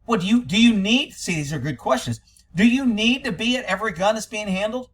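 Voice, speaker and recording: A man with a high-pitched voice gives blunt, scornful commentary on a recorded interview. He talks in a sarcastic, cutting way and curses now and then. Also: expressive, brisk, a bit bright, breathy edge. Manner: profane. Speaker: commentator reacting to interview audio. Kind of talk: critical commentary.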